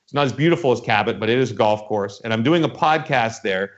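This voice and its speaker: Telling a dream story in casual conversation, a podcast host rambles on and performs the voices of the people in it. His medium-pitched voice is expressive and quick, and the sound is dull and lo-fi.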